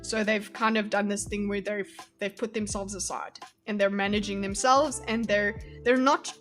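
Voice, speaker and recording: A woman's voice: medium pitch, fairly even intonation, moderate pace, a bit bright, faint music behind. A woman from Spain giving casual, chatty reaction commentary, swearing and laughing as she gets heated. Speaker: video commentator.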